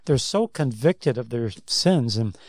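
A man's voice: medium pitch, lively intonation, unhurried, a little mellow, no room sound, studio quality. A man co-hosting a Christian talk show, telling stories in a rambling way that restarts and repeats words. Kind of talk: casual faith discussion, storytelling.

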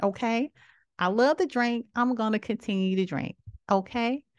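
A woman in her thirties hosting a podcast, giving outspoken, sassy opinions in a casual way, with sudden jumps from low murmurs to high exclamations. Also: moderate pace, dry recording, muffled recording. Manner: sassy, outspoken, preachy asides. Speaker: podcast host.

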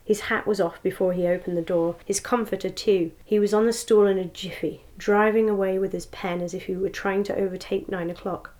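Expressive woman storybook narrator. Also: mid-range voice, fairly quick, few pauses. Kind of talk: storybook reading.

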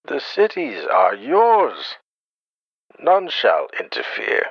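A man putting on the voice of a menacing masked supervillain, with a deep gravelly rasp and a grandiose, theatrical manner. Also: wildly swooping pitch, takes it slowly, dry recording, lo-fi sound, exaggerated voice. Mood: rousing.

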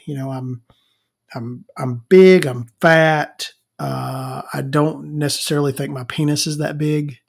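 A man's voice: on the high side, fairly even intonation, a little slow, creaky. A man hosting a podcast, telling crude stories in a rambling casual monologue and calling himself Victoria. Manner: frequent fillers and self-restarts. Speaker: podcast host.

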